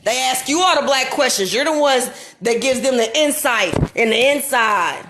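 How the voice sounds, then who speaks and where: A woman's voice: high-pitched, expressive, normal speed, fairly bright tone, a little hiss or hum. A woman in her thirties ranting to camera from her kitchen at home, heated and profane, at times near tears. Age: 30s. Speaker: vlogger. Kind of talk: unscripted rant to camera.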